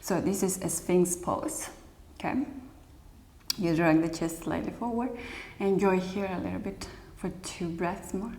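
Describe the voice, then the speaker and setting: A woman's voice: on the low side, unhurried, a little mellow, slight background noise. A woman instructor guiding a yoga class, counting breaths and calling out poses, with slightly non-native phrasing. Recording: echoey room with long reverb.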